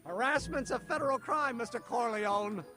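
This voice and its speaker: Stiff uptight young science nerd, high bright voice, sounds a bit far off. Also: male voice, moderate pace, soft background music. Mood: curt.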